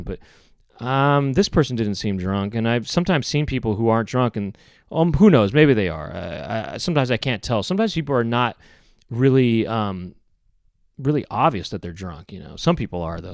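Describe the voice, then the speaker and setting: A man hosting a podcast, telling a rambling comic story in a deadpan way, full of fillers and self-corrections. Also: mid-range voice, dry recording, studio quality. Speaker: podcast host. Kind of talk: rambling comedic monologue.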